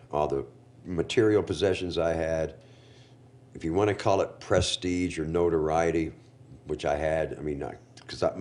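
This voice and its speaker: A man's voice: low-pitched, a little mellow. A man telling his recovery story as a podcast guest, candid and emotional, full of slang like bro and dude.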